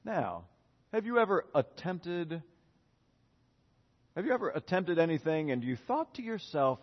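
Animated pastor man in a hall. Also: fairly high pitch, measured pace. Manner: animated, questions the congregation, acts out prayers. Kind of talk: sermon. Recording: dull reverberant hall.

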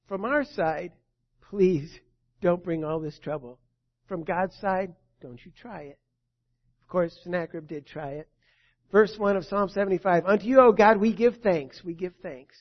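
A man preaching a sermon and reading scripture, swinging between loud proclamation and quiet asides. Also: high-pitched. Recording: dull lo-fi recording.

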